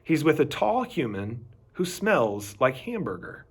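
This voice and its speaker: Animated man reading a kids' book slowly. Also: a little high, husky. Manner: animated, expressive storytelling. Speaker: reader. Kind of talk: reading a children's chapter book aloud.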